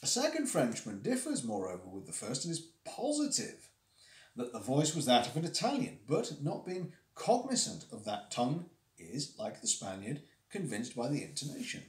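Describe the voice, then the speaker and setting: A detached gentleman detective, read aloud by a man, lays out his reasoning in a measured, lecturing way, his pitch swinging up and down with lively emphasis. It sounds like a classic story read aloud, caught with a roomy echo around the voice. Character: cool analytical gentleman detective, middle-aged man.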